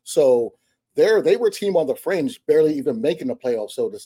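A man co-hosting a sports podcast, talking things over at an unhurried, rambling pace. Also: fairly high pitch, expressive, mellow, husky. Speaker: podcast co-host. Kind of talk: casual sports talk.

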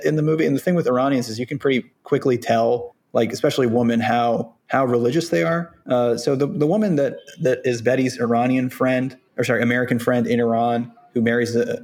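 A man's voice: medium pitch, darkish tone. A man hosting a podcast, explaining his opinions casually and thinking aloud. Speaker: podcast host.

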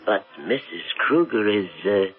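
A hesitant, deferential butler. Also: male voice, fairly low pitch, lively intonation, a little slow, husky, soft background music. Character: nervous male butler. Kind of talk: 1970s radio drama acting. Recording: tinny old radio broadcast.

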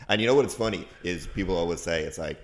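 Man, podcast co-host, very low voice, hesitant, musing, lots of "like". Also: fast. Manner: musing, hesitant, full of restarts and "like". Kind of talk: casual comedic banter.

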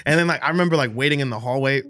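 A man's voice: mid-range voice, racing, fairly bright tone, dry recording. Slangy young New York man, dry sound. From the Bronx, New York. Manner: slangy, profane, laughs often. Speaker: guest. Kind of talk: casual chat.

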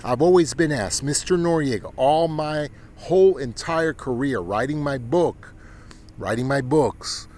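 Preachy man with a slight Texan twang. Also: unhurried. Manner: preachy, swings between loud exhortation and low hushed asides. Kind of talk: impassioned political-religious monologue.

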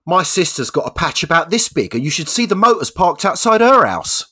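Bloke putting on a smug little schoolboy, raised voice. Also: male voice, on the high side, sing-song, brisk, pushed and bright, pitched above the performer's own voice, heavily acted. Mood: cheeky.

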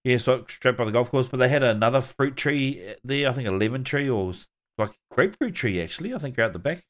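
A man hosting a casual family podcast chat, relaxed and laughing often. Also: medium pitch, brisk. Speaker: podcast host.

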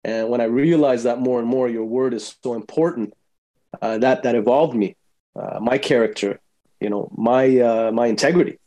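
A man speaking reflectively in casual podcast chat, hesitant with many filler pauses. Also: medium pitch, dark tone.

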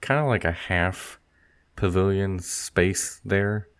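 A man with a very low voice co-hosts a relaxed podcast chat. He thinks aloud as he goes, trailing off into fillers and laughing easily with his co-hosts. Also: takes it slowly, smooth. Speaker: podcast co-host. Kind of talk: casual chat.

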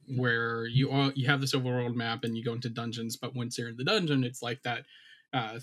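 A man with a bright, forward voice talks on a podcast, gushing and excited. He explains things eagerly in casual chat. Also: medium pitch. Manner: enthusiastic, gushing. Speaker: podcast co-host.

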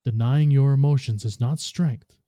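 Saint is a worried, devoted robot warrior who chooses his words carefully, as read by a man. The tone is very dark and the recording is dry. He sounds earnest. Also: medium pitch, normal speed, dry recording, natural voice. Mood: concerned.

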